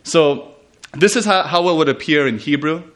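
Animated man preaching a sermon. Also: fairly high pitch, moderate pace. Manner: animated, laughs often, restarts and repeats himself. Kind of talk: sermon teaching on scripture.

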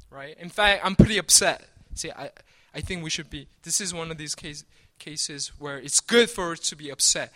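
A man's voice: a little high, normal speed, few pauses, pushed and bright. A man preaching a sermon, conversational, often checking in with "right?" and restarting his sentences. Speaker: pastor.

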